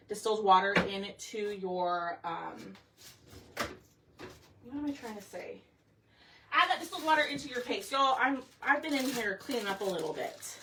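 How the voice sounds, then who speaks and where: A woman's voice: on the high side, sharp tone, distant mic, a little hiss or hum. A woman hosting a craft livestream, chatty and a bit scattered, out of breath as she talks to viewers. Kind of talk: casual livestream chat. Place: home craft room.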